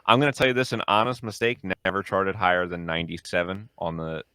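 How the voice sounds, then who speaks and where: A man's voice: low-pitched, fairly even intonation, fast, noisy background. A man co-hosting a casual music review podcast, upbeat and chatty. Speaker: podcast co-host.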